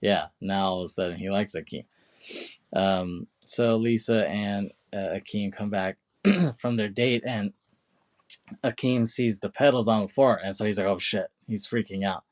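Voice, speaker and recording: A man with a fairly low voice chats casually on a podcast. He rambles through the story with lots of fillers and slips into quick imitations of the characters. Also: a little mellow. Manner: rambling retelling, many fillers and put-on quotes. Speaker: podcast co-host. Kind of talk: casual chat.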